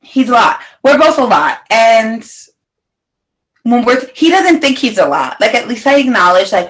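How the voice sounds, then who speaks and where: A woman's voice: on the high side, sing-song, normal speed, rough recording. A young woman co-hosting a podcast, teasing and joking in casual banter. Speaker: podcast co-host. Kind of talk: casual chat.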